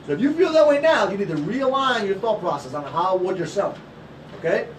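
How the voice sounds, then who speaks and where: Coaching a group of salespeople, a high-voiced man delivers a fast, loud, passionate motivational talk with big pitch swings. He swears freely and keeps throwing rhetorical questions at them, a little far from the mic with a faint hiss in the background.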